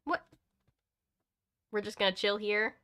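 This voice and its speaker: A woman reads a book aloud at home in a casual, chatty way. She keeps stopping to tease her cat playfully. Her voice is bright, and her pitch sits in a middle range. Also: unhurried. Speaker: host reading a book aloud. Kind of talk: casual chat and read-aloud.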